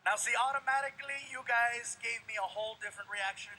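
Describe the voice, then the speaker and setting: Animated male stand-up comedian. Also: extremely high pitch, quick pace, slight background noise, low-quality recording. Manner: animated, exclaiming, acts out scenes. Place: comedy stage before a live audience.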